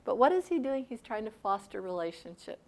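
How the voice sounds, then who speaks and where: A woman's voice: medium pitch, very animated, brisk, darkish tone. A woman leading a seminar workshop, talking conversationally and retelling a story with quoted dialogue. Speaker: seminar speaker. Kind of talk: seminar talk with a workshop exercise. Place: seminar room.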